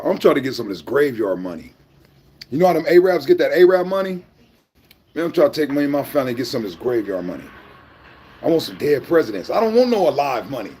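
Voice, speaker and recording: A man vlogging in rowdy, joking banter, loud and teasing, often repeating his lines. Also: mid-range voice, background noise. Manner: loud teasing, repeats phrases, sing-song.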